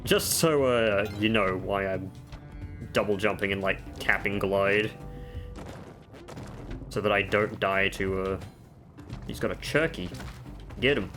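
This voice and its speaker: A man's voice: lowish voice, steady tone, slow pace, long pauses, bright, forceful tone, soft background music. A man giving casual gameplay commentary at home, chatting through game tips with offhand self-mocking jokes. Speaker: gaming video creator. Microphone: desk microphone.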